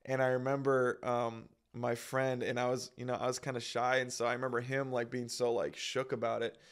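Casting: young man, monotone delivery with vocal fry, rambling anecdote. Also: medium pitch, fairly quick. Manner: rambling, self-conscious, lots of fillers and acted quotes. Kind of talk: casual storytelling.

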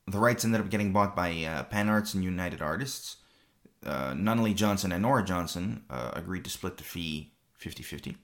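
A man's voice: low-pitched, moderate pace. A man hosting a film review show, talking casually and rambling, with many fillers and repeated phrases.

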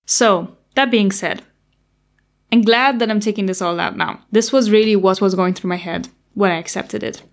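A woman's voice: mid-range voice, normal speed. A young woman telling a candid personal story about a hard time, in an anxious, open and honest tone. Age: young adult. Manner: candid, anxious retelling of past worries.

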